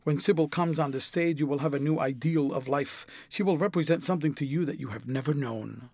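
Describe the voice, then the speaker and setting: An earnest, passionate young gentleman who speaks with eager sincerity, as a male narrator puts him on. The voice is a little high and heard close and dry in an audiobook. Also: brisk, no echo.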